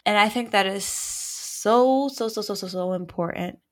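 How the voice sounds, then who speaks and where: Slow-talking woman podcast co-host. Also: mid-range voice. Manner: measured, reflective, drawn-out phrasing. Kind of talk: casual chat.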